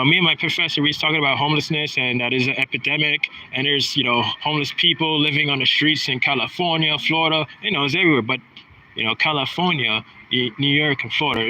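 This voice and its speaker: A man in his thirties talks on and on in a casual, aggrieved monologue, circling back and restarting his sentences. His voice is very bright and sharp, at an ordinary pitch, with a faint hiss in the background. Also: low-quality recording. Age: 30s. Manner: rambling, aggrieved, many restarts. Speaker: vlogger.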